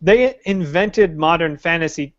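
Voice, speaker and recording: A man's voice: fairly high pitch, measured pace, no echo, muffled recording. A man co-hosting a podcast in casual chat. He swears freely and mimics characters by pushing his voice up. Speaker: podcast co-host.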